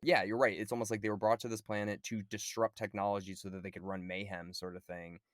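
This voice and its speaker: A man co-hosting a podcast in casual chat, relaxed, swearing freely and saying "dude" and "like" a lot. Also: on the low side, quick pace, dry recording, studio quality. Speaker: podcast co-host.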